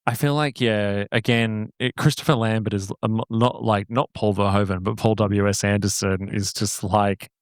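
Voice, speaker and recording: A man co-hosting a podcast, chatting loosely in a lowish voice. He rambles, laughs a lot and drops sentences halfway. The sound is dry and close, with no room around it. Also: steady tone, moderate pace, few pauses, smooth, no echo. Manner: rambling, laughs often, trails off mid-sentence. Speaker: podcast co-host. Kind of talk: casual chat.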